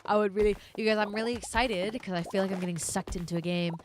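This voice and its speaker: A woman's voice: medium pitch, fairly even intonation, fast talker, noisy background. A young woman giving casual, rambling gameplay commentary as a gaming vlogger, chatting directly to her viewers.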